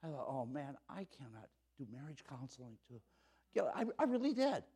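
A middle-aged man preaching a sermon as pastor, telling a story and swinging between loud exclaiming and low earnest tones. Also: very animated, a little fast, breathy edge. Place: church.

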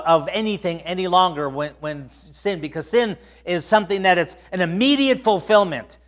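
Preacher guy, high voice, goes loud then real quiet, repeats himself a lot. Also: moderate pace, few pauses. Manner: emphatic, repeats words, swings from loud to hushed. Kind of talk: sermon.

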